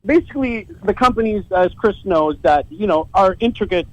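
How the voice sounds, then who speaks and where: A man's voice: high voice, lively intonation, normal speed, no echo, poor audio. A man telling a story as a guest on a podcast, casual and profane, often stumbling and repeating words as he starts a sentence.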